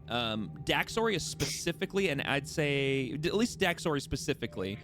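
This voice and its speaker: A man's voice: on the high side, lively intonation, fairly quick, hardly any pauses, over music. A man narrating a tabletop game as its game master, with a rambling, self-correcting delivery. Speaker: dungeon master.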